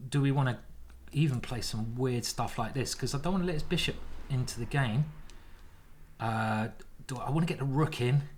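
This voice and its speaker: A man commentating his own online chess games, excitable and thinking aloud as he plays. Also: mid-range voice. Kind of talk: live game commentary.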